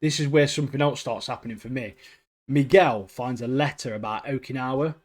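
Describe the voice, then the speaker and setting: A man's voice: medium pitch, a little fast. Chatty man saying "mate" constantly. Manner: enthusiastic, peppers talk with "mate" and "like". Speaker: podcast co-host. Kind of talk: casual chat.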